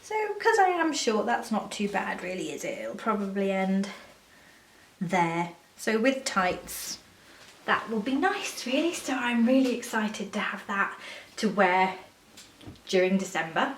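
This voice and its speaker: A woman's voice: mid-range voice, big pitch swings, a little slow, far from the mic, a little hiss or hum. A woman, chatting casually to camera as a sewing vlogger, rambling with fillers and self-corrections and gushing when she shows things off. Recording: echoey room, a bit off-mic.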